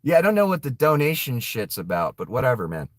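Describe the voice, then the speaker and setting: A man's voice: mid-range voice, big pitch swings, fast talker, dry recording. A man giving casual, profane political commentary, laughing often and throwing mocking asides to his viewers.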